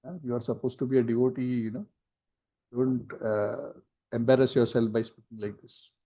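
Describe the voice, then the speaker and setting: A man's voice: mid-range voice, fairly even intonation, normal speed, warm tone. A man teaching a scripture class, telling the story with acted quotes and asides, on a dull lo-fi recording.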